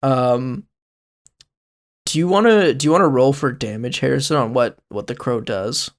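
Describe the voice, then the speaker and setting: A man's voice: medium pitch, normal speed. A young man narrating as game master, rambling and giggly with many fillers.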